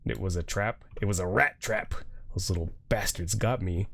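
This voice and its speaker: A man's voice: low voice, normal speed, gravelly, fairly bright tone. A man streaming a horror game with casual commentary, joking and swearing, with jumpy reactions to scares.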